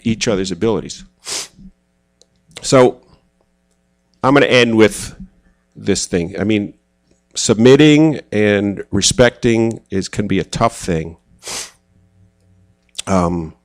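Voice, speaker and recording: A man speaking at a church gathering in a relaxed, conversational sermon style, telling personal stories with self-deprecating humor. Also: fairly low pitch. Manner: casual, self-deprecating, acts out quoted voices.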